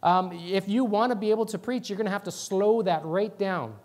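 A male pastor preaching a sermon in church, talking quickly and excitedly and sometimes dropping words. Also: sits high. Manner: talks fast and excitedly, drops words.

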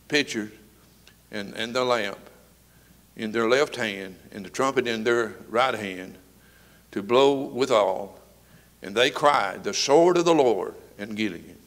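A man, preaching a fervent sermon to his congregation, swinging between loud and soft. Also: mid-range voice. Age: 70s. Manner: fervent preaching with rising and falling volume. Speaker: pastor. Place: church sanctuary with congregation.

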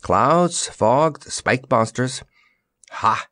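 A man voicing a small, fussy, excitable wizard in a storybook reading, puffing out his words. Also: medium pitch, no echo, clean studio sound, voice pushed up, exaggerated voice. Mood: brisk. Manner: puffing, quick exclamations.

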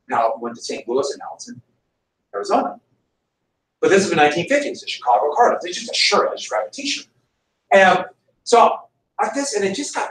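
Middle-aged American history teacher, high, lively voice, mic-distant classroom sound. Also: male voice, slight background noise. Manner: animated, jokey storyteller with laughs. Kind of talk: classroom lecture with storytelling. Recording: roomy classroom audio from a distance.

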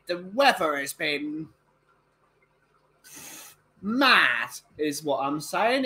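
A man's voice: high-pitched, very animated, takes it slowly, sharp tone, poor audio. A tired man, hosting a casual livestream and chatting as he reads out viewers' greetings. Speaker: livestream host.

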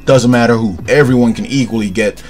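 A young man reviewing an anime episode in casual, excitable commentary, full of slang and swearing, calling the listener "bro". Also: mid-range voice, brisk. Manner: excitable, profane, slangy, says "bro" often.

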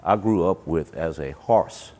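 A man's voice: low-pitched, darkish tone. A man with a Louisiana accent shaped by Italian vowels, explaining patiently. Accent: Louisiana with Italian-influenced vowels. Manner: patient, deliberate. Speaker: interviewee. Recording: reverberant room.

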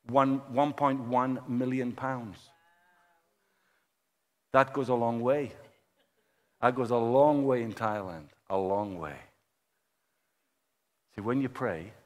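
A man preaching a sermon, telling a story in a lively way and acting out the people he quotes. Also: medium pitch. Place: church hall. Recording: long church-hall reverb.

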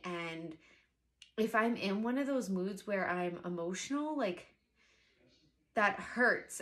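A young pregnant woman chatting casually to camera as a vlogger, animated and exasperated in her asides. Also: mid-range voice.

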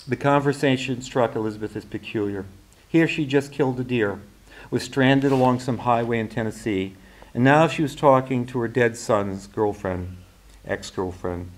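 A man, an author and teacher, reading literary fiction aloud in a measured, even way, now and then restarting a phrase. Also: medium pitch. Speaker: author and faculty member.

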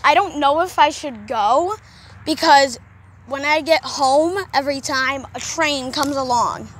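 A woman's voice: sits high, measured pace, fairly bright tone, slight background noise. A woman vlogging outdoors beside railway tracks, rambling to herself in a put-on country accent while she waits. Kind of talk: casual outdoor vlog.

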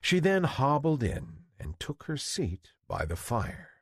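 A man reads a fairy tale aloud at a very slow, deliberate pace for English learners. His voice is husky and swings widely in pitch as he tells the story. The sound is dry and close to the mic. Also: no room sound. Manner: slow, deliberate, very expressive reading. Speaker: reader.

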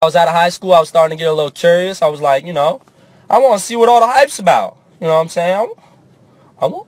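Animated young male comic storyteller. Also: on the high side, no room sound. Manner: animated, profane, swings into character voices. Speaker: comedian.

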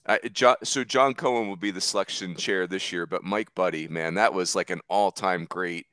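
A man hosting a podcast in casual, rambling chat, quick to joke. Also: sits low, bright, forceful tone, no room sound. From Philadelphia area. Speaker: podcast host.

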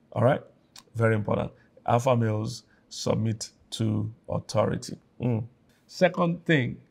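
Gravelly-voiced Nigerian pastor preaching. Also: male voice, medium pitch. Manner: emphatic, repeats key phrases for effect; acts out quoted speakers in a raised voice. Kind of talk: sermon.

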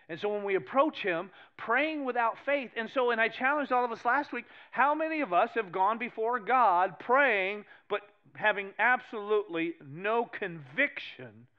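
A male pastor with a New England accent preaching a sermon, animated and emphatic, swinging between loud exclamations and hushed asides. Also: high-pitched, muffled recording. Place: church sanctuary.

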